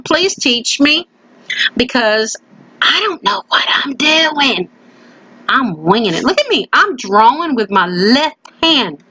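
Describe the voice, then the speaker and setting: A woman's voice: on the high side, bright, forceful tone, dry recording, muffled recording. A woman hosting a crafting video, chatting playfully as she works and often slipping into a put-on folksy country voice. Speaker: craft channel host. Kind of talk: casual crafting voice-over. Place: at home.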